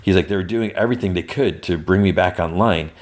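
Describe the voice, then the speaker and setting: A podcast host with a very deep, low voice recaps a TV episode in an unhurried, conversational ramble. He keeps restarting sentences and drops in quick quotes from the characters along the way.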